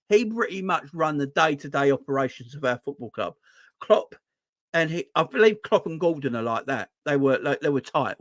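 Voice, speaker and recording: A man's voice: on the high side, a bit bright, dry recording. Emphatic London-accented man, dry sound. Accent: Southern English (London). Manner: emphatic, repeats himself, asks viewers rhetorical questions. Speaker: fan channel host. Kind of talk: casual livestream chat.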